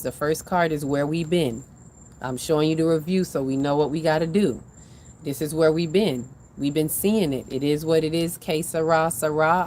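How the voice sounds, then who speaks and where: A woman's voice: low-pitched, darkish tone, slight background noise. A woman doing a live spiritual card reading, talking in an emphatic, repetitive, preacher-like way with casual slang.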